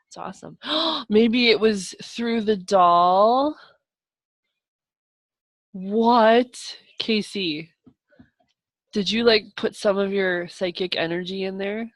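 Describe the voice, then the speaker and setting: A woman's voice: mid-range voice, slow, long pauses, no room sound. A young adult woman teacher giving a live online math lesson over a video call, upbeat and encouraging, with chatty asides to her students. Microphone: video call microphone.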